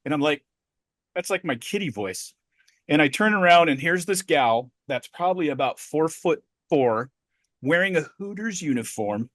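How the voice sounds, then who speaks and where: A middle-aged man co-hosting a podcast tells a story in a profane, animated, casual way. His voice runs a bit high at normal speed, and the recording is dry with clean studio sound.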